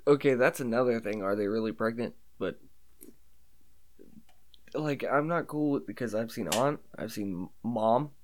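A man's voice: medium pitch, measured pace, pauses often, a little mellow. A man co-hosting a podcast, wisecracking and riffing in crude casual banter. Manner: joking, wisecracking, list-like riffs.

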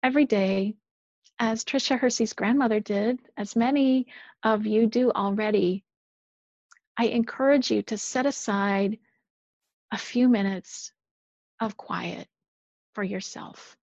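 A woman minister giving a measured, earnest sermon, dropping softer on key phrases. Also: mid-range voice, no echo, muffled recording.

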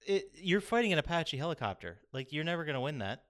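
A man's voice: fairly high pitch, big pitch swings, fast talker, fairly bright tone. A man talks loosely through a video game's story on a casual podcast, drifting between thoughts. He swears casually and breaks into laughter often. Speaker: podcast co-host. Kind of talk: casual chat reviewing a video game.

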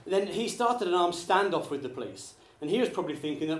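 A man doing a live stand-up routine, chatty and quick with apologetic asides to the crowd. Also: sits high, big pitch swings. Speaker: stand-up comedian. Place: small theatre studio with a live audience. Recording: echoey live room, faint ambience.

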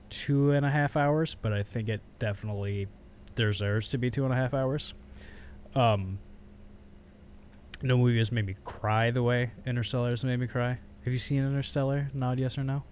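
A man's voice: medium pitch, moderate pace, slight background noise. A young man co-hosting a casual podcast chat, telling movie stories with lots of energy, acting out scenes and swearing casually. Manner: animated storyteller, acts out scenes in voices, swears casually. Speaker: podcast co-host.

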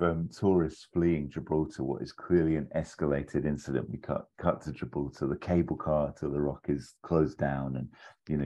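A man's voice: very deep voice, dark tone. A man, a podcast co-host, telling a long made-up film plot in casual chat. He rambles, acts out quoted lines and laughs as he goes.

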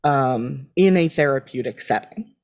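A woman's voice: a bass voice, expressive, a little slow, darkish tone, muffled recording. A woman co-hosting a podcast, thinking aloud in casual chat about a TV episode. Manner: reflective, thinks aloud with fillers. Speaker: podcast co-host.

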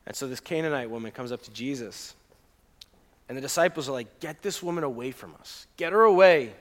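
A man's voice: mid-range voice, lively intonation, a little fast. A young man preaching a conversational sermon, often asking the congregation questions and reading scripture aloud with feeling. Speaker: pastor.

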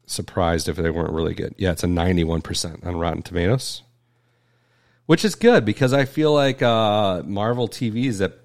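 A man's voice: deep voice, vocal fry. A man co-hosting a casual chat show, rambling loosely with plenty of fillers. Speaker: podcast co-host.

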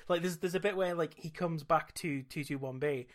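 A man's voice: fairly high pitch, a little fast. A British man hosting a podcast, chatting in a wry, casual way. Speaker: podcast host. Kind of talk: casual chat.

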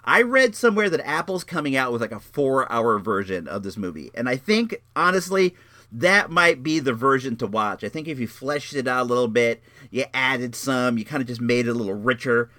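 A man's voice: medium pitch, animated, normal speed, bright, forceful tone, dry recording. A man hosting a podcast in casual chat, rambling along in a laid-back way and tossing in "dude.". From Northern California. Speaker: podcast host.

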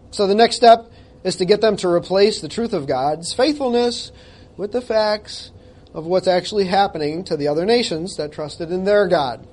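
High-voiced male pastor preaching. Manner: emphatic, conversational, jokes at himself. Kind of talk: sermon with scripture reading.

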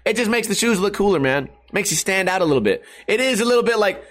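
A man's voice: sits high, animated, fast talker, a bit bright. A man, rambling and joking profanely as a streamer talking to his webcam at home. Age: 30s. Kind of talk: casual rambling vlog. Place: hot house. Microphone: webcam setup at home.

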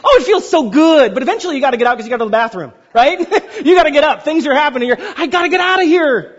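A man's voice: very high-pitched, animated, rapid-fire, fairly bright tone, muffled recording. A man preaching a sermon as pastor, joking and acting out little dialogues.

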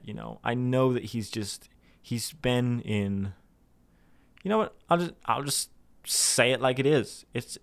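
A young man in a candid personal vlog, rambling and self-deprecating as he talks things through. He restarts sentences often and swears casually. His voice sits at an ordinary middle pitch for a man. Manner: puts on anxious inner voices in a sudden high pitch. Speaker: vlogger. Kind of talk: candid personal monologue to camera.

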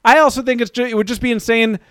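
A man in his thirties telling a story in a casual, profane rant that grows heated and loud. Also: extremely high pitch, fairly even intonation, fast talker, smooth, no room sound, clean studio sound. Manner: ranting, profane, gets heated and loud when recounting.

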